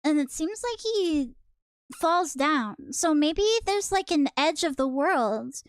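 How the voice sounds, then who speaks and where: A young woman streamer chatting casually through a manga reading, reactive and quick to laugh. Her voice sits high and light, close on the mic, with a dry sound and no room around it. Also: lively intonation, dry recording. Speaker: VTuber streamer.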